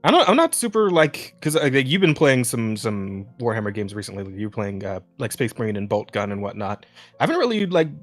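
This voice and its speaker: A man's voice: lowish voice, very animated, a little fast, fairly bright tone, no echo, faint music behind. A man hosting a casual podcast chat who rambles with many fillers, swears and laughs often. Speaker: podcast host.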